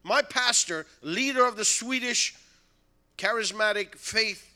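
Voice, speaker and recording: A preacher with a high, piercing voice tells his sermon as a lively story. He talks in broken-English phrasing and chuckles between lines. His tone is bright and sharp. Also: a little slow.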